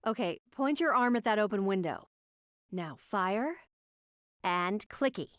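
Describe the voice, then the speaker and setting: A woman voicing an arrogant, sharp-tongued female scientist who speaks in a condescending, sarcastic way. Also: medium pitch, lively intonation, measured pace, clean tone, dry recording. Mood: smug.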